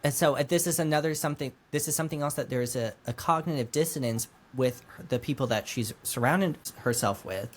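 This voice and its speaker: A man's voice: medium pitch, fairly quick, few pauses. Casual man co-hosting a book chat. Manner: casual, thinks aloud with restarts. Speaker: podcast co-host.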